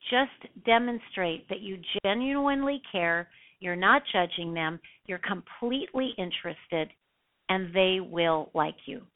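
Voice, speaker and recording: A woman teaching real estate sales, a self-described fast talker with a punchy, emphatic delivery. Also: medium pitch. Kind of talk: instructional talk. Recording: tinny phone-like sound.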